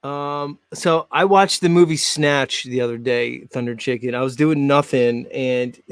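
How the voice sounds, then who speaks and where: A man with a South Philadelphia accent hosting a casual online chat, excitable and swearing freely, laughing often. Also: mid-range voice, a little slow, clear, resonant tone, no echo, clean studio sound. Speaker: podcast host.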